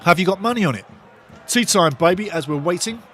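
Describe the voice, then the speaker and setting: With a high voice and a brisk pace, a man hosts a live football watch-along, excitedly commentating, shouting at big moments and voicing viewer comments, often repeating his phrases. Background noise is audible.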